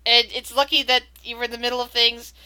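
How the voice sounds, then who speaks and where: A woman narrating as game master of a tabletop game, animated and tripping over repeated words. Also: on the high side, fast talker, clear, resonant tone, dry recording.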